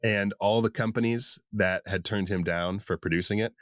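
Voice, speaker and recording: Deep-voiced guy rambling through a podcast chat, dry close mic. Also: normal speed, no echo. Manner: relaxed, rambling, with fillers and laughs. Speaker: podcast co-host. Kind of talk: casual chat about a horror film.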